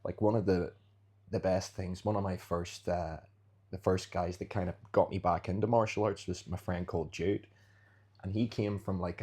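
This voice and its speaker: Low husky man, casual guest. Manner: animated storyteller, acts out street scenarios. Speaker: podcast guest, jiu-jitsu fighter. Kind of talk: casual interview chat.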